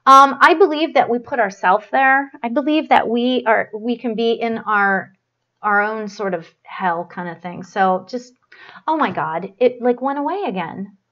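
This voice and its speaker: A woman hosting a live spiritual stream, giving a psychic reading in a rambling, halting way with many fillers and restarts, and a gushing, affectionate tone. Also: on the high side, bright, forceful tone, lo-fi sound. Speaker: medium hosting a live show.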